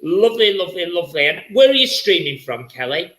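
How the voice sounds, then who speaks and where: A man's voice: high-pitched, sing-song, fast talker, a bit bright, roomy sound, rough recording. A man hosting a live-streamed spirit reading as a psychic medium, chatty and effusive, often repeating his words.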